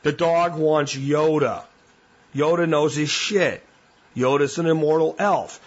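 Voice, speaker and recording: A man's voice: a little high, takes it slowly, dull audio. A man hosting a podcast, talking bluntly and plainly in a casual monologue. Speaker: podcast host.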